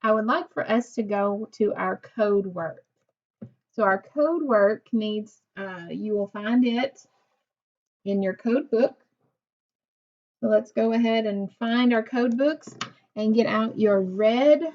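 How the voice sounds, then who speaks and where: A woman teaching a recorded reading lesson to young children, speaking slowly and patiently, praising and asking questions of pupils who aren't there. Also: medium pitch, muffled recording. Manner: slow, patient, encouraging, asks questions to unseen pupils.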